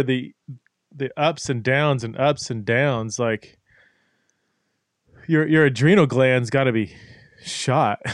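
A man's voice: a little high, no echo, clean studio sound. A man hosting an interview, responding in a thoughtful way while searching for his words. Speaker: podcast host. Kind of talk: casual interview talk.

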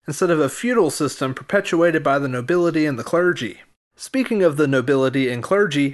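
A man co-hosting a casual history podcast, chatting easily and then reading history segments in an even, informative way. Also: a little high. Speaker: podcast co-host.

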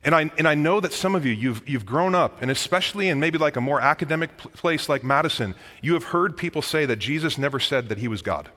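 A man preaching a sermon as pastor, in a lively, conversational manner that often addresses the listeners as guys. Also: fairly high pitch, quick pace, few pauses. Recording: long reverb of a large hall.

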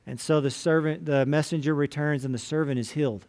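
A man's voice: fairly high pitch, moderate pace, few pauses, darkish tone. A man pastor giving a sermon, retelling scripture in casual, everyday storytelling words.

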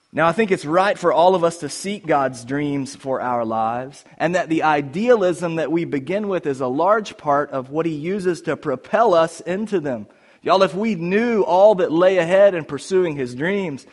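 Male pastor, sermon, somewhat high-pitched, casual and joking with the congregation. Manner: conversational and playful, with humorous asides to the congregation. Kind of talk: sermon with prayer. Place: church sanctuary before a congregation.

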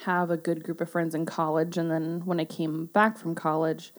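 A woman's voice: low voice, little pitch movement, normal speed. A woman in her twenties hosting a podcast in casual chat, laughing often. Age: 20s. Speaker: podcast host.

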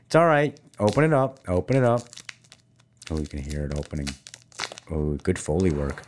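This middle-aged man hosts a casual podcast chat in a low voice at normal speed, with a slight hiss or hum on the recording. His manner is animated and teasing, and he talks straight to listeners like they're folks.

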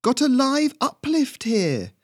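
A man voicing an excitable small lookout bird calling out urgently. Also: very high voice, takes it slowly, dry recording, clean studio sound, voice pushed up, full character voice.

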